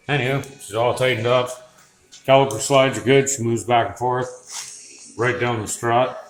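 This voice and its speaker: A man's voice: medium pitch, normal speed. Joking mechanic man in echoey garage. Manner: joking, rambling with fillers. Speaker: auto mechanic. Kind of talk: casual shop walkthrough. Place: auto repair garage. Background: radio music playing.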